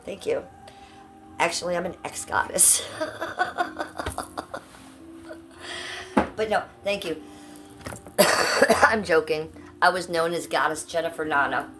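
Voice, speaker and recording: A woman's voice: fairly low pitch, measured pace, long pauses, noisy background. A middle-aged woman from Ohio chatting casually on a live stream, blunt and profane, reading out and answering her chat. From Cleveland, Ohio, USA.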